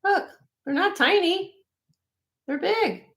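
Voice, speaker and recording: A woman hosting a live online jewelry sale, chatting excitedly and loudly as she shows each piece. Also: very high voice, slow pace. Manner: excitable, loud, chatty sales patter.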